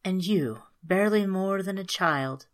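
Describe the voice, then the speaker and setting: A woman voicing a stern yet tender male fairy who speaks low, slow and quietly intense. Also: lightly acted. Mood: quiet, gentle.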